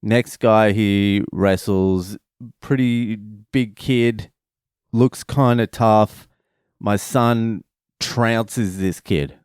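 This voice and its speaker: A man's voice: fairly low pitch, very slow, clear, resonant tone, no echo, studio quality. A man, a father, telling a family story in a casual, profane, rambling vlog. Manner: profane, rambling, animated retelling.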